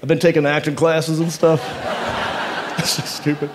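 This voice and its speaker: Animated comedian on a noisy stage. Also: male voice, a little high, unhurried, big-room sound, crowd noise. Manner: animated, laughs through his lines. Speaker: stand-up comedian. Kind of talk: stand-up storytelling. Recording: live stand-up with audience noise. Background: audience laughter.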